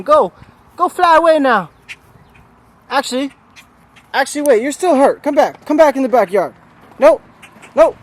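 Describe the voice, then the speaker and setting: A man's voice: very high voice, animated, moderate pace, long pauses. A Canadian man vlogging outdoors in a backyard, hyped and swearing, coaxing a bird. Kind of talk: excited casual vlog.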